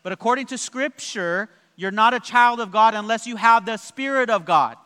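A pastor preaching a lively sermon to his congregation, joking and adding many asides. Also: high voice, normal speed, smooth. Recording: long church hall reverb.

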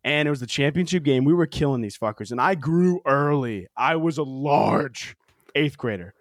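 Young man, podcast co-host, casual storytelling, slightly high voice, dry sound. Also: normal speed, dry recording. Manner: animated storyteller, heavy "like" fillers, swears freely.

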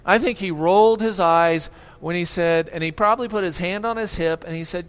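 High-voiced man preaching in a hall. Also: brisk, hardly any pauses, clear, resonant tone. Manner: animated, asks the congregation questions. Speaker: pastor. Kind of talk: sermon. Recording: long hall reverb.

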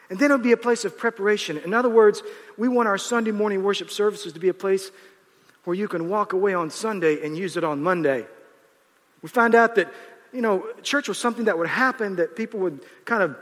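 Bright-voiced man preaching animatedly. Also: sits high, a little fast. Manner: animated, acts out quotes, restarts. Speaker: pastor. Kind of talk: sermon with storytelling. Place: large church auditorium. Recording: reverberant hall.

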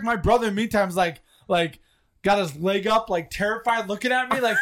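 A man's voice: sits high, a little fast, no echo, clean studio sound. A man co-hosting a podcast, telling a funny story in casual chat with friends and laughing as he goes. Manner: animated, laughs while telling stories. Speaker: podcast co-host.

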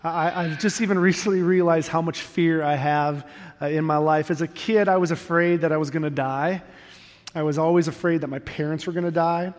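Candid high-voiced man preaching. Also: steady tone, fairly quick. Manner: candid personal storytelling, earnest and self-deprecating. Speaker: pastor. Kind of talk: sermon. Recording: long reverb of a large hall.

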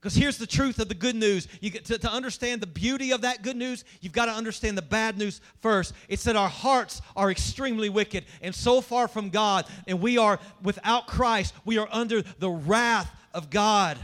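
A man's voice: sits high, moderate pace, hardly any pauses, a bit bright. A man preaching a sermon as pastor, emphatic and asking the congregation questions.

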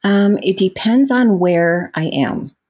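Medium in pitch and breathy, her voice moves at a slow pace. The actress, a guest in an interview, tells casual anecdotes with frequent laughter and acts out quoted dialogue.

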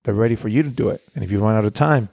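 A man's voice: fairly low pitch, rapid-fire, gravelly, a little mellow, slightly rough, no room sound, clean studio sound. A man co-hosting a casual podcast chat, playfully acting out voices as he tells a story. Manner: playful, acts out quoted voices. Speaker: podcast co-host.

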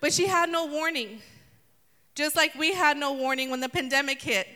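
A woman preaching a lively sermon, playfully acting out voices from the story. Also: sits high, moderate pace. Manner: animated, acts out voices of the story. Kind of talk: sermon with humor. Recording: long hall reverb.

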